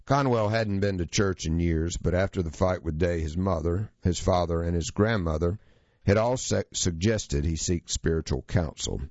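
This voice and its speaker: Deep-voiced man narrating in a dry, dull recording. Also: moderate pace, a little mellow, no room sound. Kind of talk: scripted narration of a true story.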